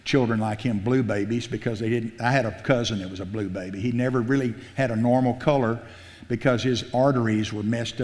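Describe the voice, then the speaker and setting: A man's voice: mid-range voice, a little mellow. A man preaching a sermon as pastor, telling stories in a folksy way and building to fervent exclamations. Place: church sanctuary. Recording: long church-hall reverb.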